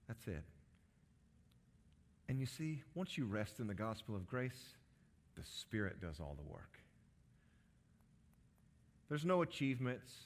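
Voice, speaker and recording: A middle-aged man preaching a sermon in an earnest way, swinging from emphatic rises to soft, low drops. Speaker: pastor.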